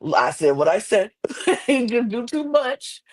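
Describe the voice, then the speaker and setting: A woman's voice: on the high side, measured pace. A woman co-hosting a podcast and recapping a reality show in loose, rambling chat, acting out the cast's lines in character voices. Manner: animated, acts out islanders' lines in character voices; rambling, admits she goes off track. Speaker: podcast co-host.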